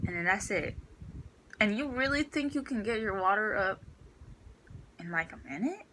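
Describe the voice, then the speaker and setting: A woman's voice: medium pitch, lively intonation, moderate pace, a bit bright, a little hiss or hum, low-quality recording. A teenage girl ranting in a storytime vlog about her school day, exasperated and full of fillers. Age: teens. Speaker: student vlogger.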